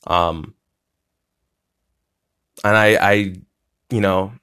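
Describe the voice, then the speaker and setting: Young guy doing a bedroom podcast, smooth clear voice, lots of ums and restarts, swears casually. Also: on the low side, fairly even intonation, very slow, bright, forceful tone. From United States. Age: young adult. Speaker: podcast host. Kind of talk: rambling solo podcast talk. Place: his bedroom.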